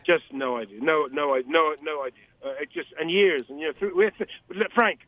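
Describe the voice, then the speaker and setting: Emphatic high-voiced man on a phone line. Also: a little fast. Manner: emphatic, rambling, repeats himself. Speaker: radio interview guest, painter. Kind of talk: phone-in radio interview. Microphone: telephone. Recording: tinny phone line, dry.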